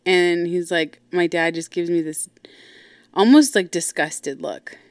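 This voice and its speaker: A woman's voice: fairly low pitch, unhurried, no echo. A woman host telling a personal story casually, blunt and profane, with lots of asides. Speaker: podcast host.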